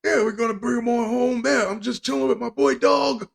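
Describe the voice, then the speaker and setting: A man's voice: steady tone, fairly quick, creaky. A man voicing a goofy, beer-loving middle-aged father in a put-on Long Island accent. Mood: boastful. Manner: high, drawling, jokey put-on voice.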